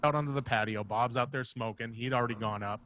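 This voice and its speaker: Bright-voiced, profane storytelling man. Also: medium pitch, fast talker, slight background noise. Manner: profane, animated anecdote teller. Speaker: guest, stand-up comedian. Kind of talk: casual storytelling chat. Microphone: video call.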